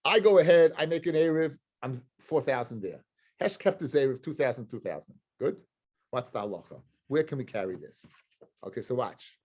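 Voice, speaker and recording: A man's voice: fairly high pitch, darkish tone. A man, a rabbi, teaching a live Talmud class to students, explaining emphatically, repeating himself and quizzing the room.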